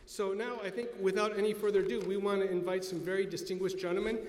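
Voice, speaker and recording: A man's voice: sits high, flat delivery, fast talker. A man emceeing a community event, informally acknowledging guests in a chatty way. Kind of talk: casual announcements. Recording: echoey hall with faint noise.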